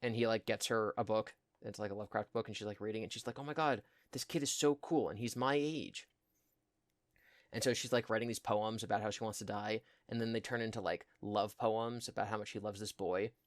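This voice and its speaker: A man's voice: lowish voice, flat delivery, fast talker, few pauses, dry recording, studio quality. A man co-hosting a podcast, casually recounting a story in a rambling way, full of fillers and mocking quoted voices. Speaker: podcast co-host. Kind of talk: casual chat, retelling a story.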